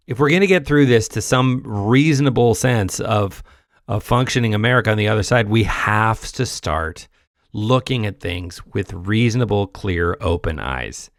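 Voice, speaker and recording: A man's voice: on the low side, lively intonation, unhurried, vocal fry, no echo, clean studio sound. A man reacting to a podcast clip with exasperated, sarcastic political commentary, mocking the speakers he hears.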